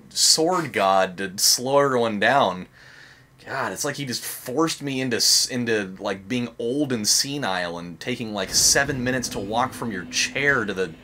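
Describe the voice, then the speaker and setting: A man's voice: mid-range voice, sharp tone, a little hiss or hum. A young man hosting a let's-play, rambling and joking in casual commentary, swearing and saying "like" a lot. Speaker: gaming channel host.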